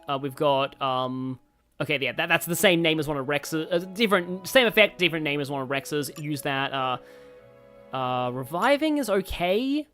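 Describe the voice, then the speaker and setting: Lively man rambling over game music. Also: on the high side, clear, resonant tone. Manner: rambling, thinking aloud with many fillers. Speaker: streamer. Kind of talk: casual game commentary. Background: faint game music.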